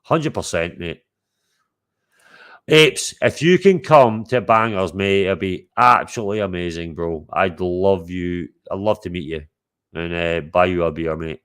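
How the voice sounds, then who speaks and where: A man's voice: low-pitched, measured pace, fairly bright tone, clear, resonant tone. A Scottish man hosting a livestream, boisterous and sweary, calling out to his viewers in casual chat. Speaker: livestream host.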